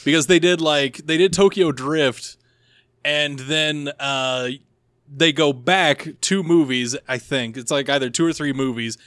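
A man in a casual chat who talks hesitantly, filling pauses with uh and like, with a self-deprecating streak. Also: fairly high pitch, fairly bright tone, clean tone, no echo, clean studio sound.

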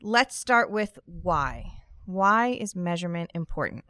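Smooth-voiced woman hosting a podcast. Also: fairly low pitch, animated, unhurried, pushed and bright, no echo. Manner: upbeat, dry sarcastic humor. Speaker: podcast host. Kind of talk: scripted podcast conversation.

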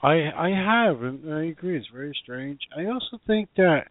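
A man's voice: a little high, lively intonation, moderate pace, no echo. A man co-hosting a podcast, talking in a keen but hesitant casual chat full of fillers. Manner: enthusiastic, hesitant, many fillers. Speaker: podcast co-host. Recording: dry, phone-like narrow sound.

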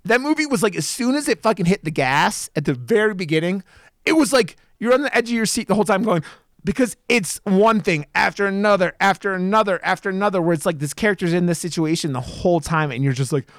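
A man co-hosting a podcast about horror films, talking casually and profanely and jumping into a raised voice to act out what viewers yell at the screen. His voice sits a little high for a man. The sound is dry and close to the mic. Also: quick pace, no room sound. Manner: animated, profane, acts out reactions in a raised voice. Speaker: podcast co-host.

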